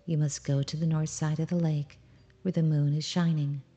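Hoarse wise old lady owl, a woman doing her, hushed and knowing, low dark voice, storybook. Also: little pitch movement, moderate pace, natural voice.

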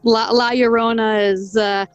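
A woman's voice: on the high side, flat delivery, a little slow, clean tone, dry recording, dull audio, soft background music. A woman co-hosting a podcast, chatting casually and laughing often. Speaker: podcast co-host. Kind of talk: casual chat.

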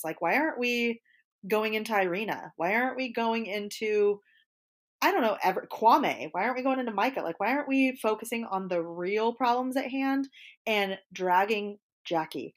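A woman co-hosting a casual chat show, gossiping bluntly and acting out quotes as she talks. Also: mid-range voice. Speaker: podcast co-host.

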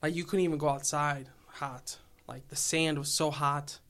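Smooth-voiced young Chicago guy rambling. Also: a little high, fairly even intonation, moderate pace, fairly bright tone. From Illinois. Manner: rambling, swears a lot, lots of "like". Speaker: podcast host. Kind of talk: casual chat.

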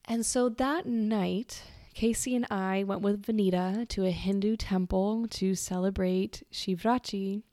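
A woman's voice: medium pitch, fairly even intonation, measured pace, hardly any pauses, mellow, no echo, studio quality. A woman podcast host telling a personal story in a candid, casual way, swearing freely and trailing off and restarting as she talks.

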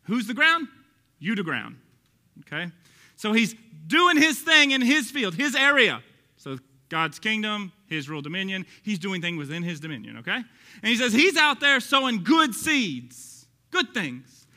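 A male pastor with a Texas accent preaching an animated, joking sermon, acting out quoted voices and sometimes shouting. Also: high-pitched, moderate pace.

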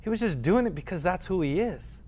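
Conversational male preacher, slightly high voice. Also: expressive, fairly quick, a little mellow. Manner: conversational, many fillers and restarts. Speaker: pastor. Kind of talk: sermon with Bible reading and storytelling.

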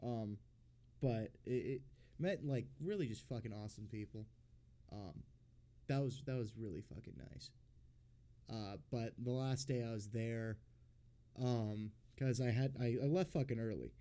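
A man's voice: mid-range voice, a little slow, dark tone. A young man hosting a casual podcast, telling a long story loosely, with lots of swearing, fillers and restarts. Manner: rambling, profane storytelling with many fillers. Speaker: podcast host. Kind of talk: casual chat.

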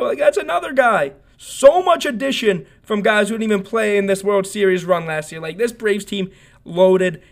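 Male solo podcast host, slightly high voice, loose and rambling, heavy on fillers and self-corrections. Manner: rambling, full of fillers and restarts. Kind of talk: casual solo sports podcast talk.

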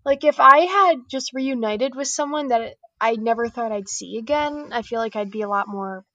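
A woman's voice: on the high side, moderate pace, pushed and bright, no echo, highs cut off. A woman guesting on a podcast, chatting casually in a meandering, hesitant way full of "like". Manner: meandering, hesitant, heavy use of "like". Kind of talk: casual chat.

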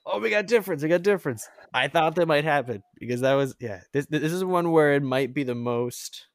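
A man's voice: a little high, fairly quick, no echo, studio quality. A man hosting a podcast in casual chat, rambling and chatty, often laughing. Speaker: podcast host.

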